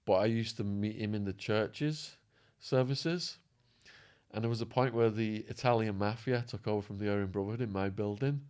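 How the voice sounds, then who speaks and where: A man telling prison stories as a podcast guest, acting out quotes and laughing, his voice going hoarse. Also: fairly low pitch, moderate pace. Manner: animated storyteller, acts out quotes, laughs. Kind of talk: storytelling interview.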